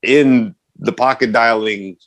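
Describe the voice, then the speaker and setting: Speaking slowly in a mid-range voice, this man co-hosts a podcast, where he tells lively stories during relaxed conversation and often breaks into laughter.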